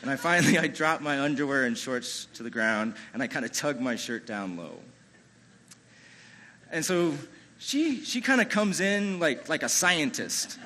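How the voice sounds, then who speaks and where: A man's voice: on the high side, big pitch swings, unhurried, background noise. A man telling a true-feeling personal story live on a ballroom stage, in a conversational way with lots of "you know" and "like". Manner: amused, chuckles through the telling.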